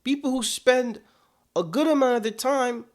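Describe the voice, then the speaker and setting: Male commentator, higher pitch, casual and indignant, rhetorical questions. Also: normal speed. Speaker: political commentator.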